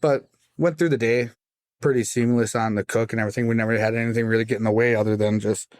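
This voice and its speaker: A man, a guest pitmaster, telling his story in casual, animated chat on a studio podcast. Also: medium pitch, fast talker, no room sound. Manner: animated, acts out voices in his stories.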